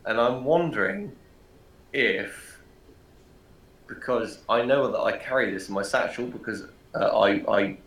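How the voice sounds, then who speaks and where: Eager player in an echoey room. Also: male voice, mid-range voice, a bit bright. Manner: eager, thinking aloud, repeats himself. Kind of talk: tabletop game play.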